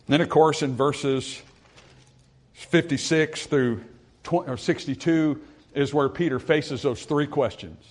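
A man preaching a sermon to his congregation in an earnest voice. He rises for emphasis and then drops low and quiet. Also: slow pace. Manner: reads scripture in old-style phrasing.

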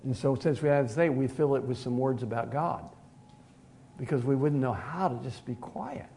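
Hushed-to-booming male preacher. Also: normal speed, vocal fry, slight background noise. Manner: conversational, swings from hushed to loud emphatic. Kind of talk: sermon.

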